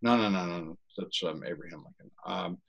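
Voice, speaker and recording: A man with a fairly low voice recounts a painful story from his own past. He talks earnestly and haltingly, often breaking off and starting his sentences again. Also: gravelly, slightly rough, muffled recording. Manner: earnest, halting, many restarts. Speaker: interview guest. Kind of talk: personal testimony in conversation.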